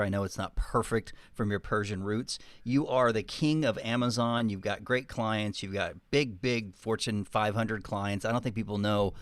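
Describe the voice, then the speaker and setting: A man's voice: lowish voice, moderate pace, few pauses, clear, resonant tone, dry recording. Easygoing man with a mild Texas twang. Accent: Texan. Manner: easygoing, storytelling, rambling asides. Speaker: podcast co-host. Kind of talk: casual podcast chat.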